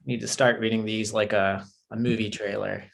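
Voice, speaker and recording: A man co-hosting a casual livestream, reading comic book blurbs in a relaxed way. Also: fairly low pitch, moderate pace, vocal fry, slight background noise. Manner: relaxed, reads blurbs aloud. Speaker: comics publisher staff co-host.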